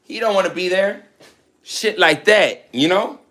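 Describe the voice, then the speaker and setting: A man's voice: sits high, measured pace, sharp tone. A man who breeds dogs, ranting in a blunt, profane, boastful way and mocking his rivals. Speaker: dog breeder. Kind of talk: casual rant to camera.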